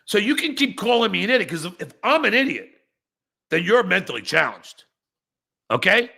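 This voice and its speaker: Gravelly, animated man ranting as a podcast host. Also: sits high, moderate pace, pauses often. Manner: angry, profane, bursts into shouting; reads viewer chats aloud with mocking replies. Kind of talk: livestream rant at chat commenters.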